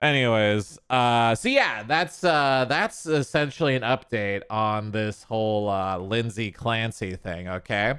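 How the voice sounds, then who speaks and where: A man's voice: fairly low pitch, unhurried, hardly any pauses, fairly bright tone, smooth. A man hosting reaction commentary, sarcastic and crude, mocking what he watches. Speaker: streamer host.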